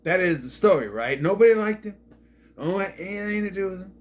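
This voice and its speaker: A man's voice: high-pitched, animated, fast. Rambling, sarcastic male movie reviewer. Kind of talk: casual video review.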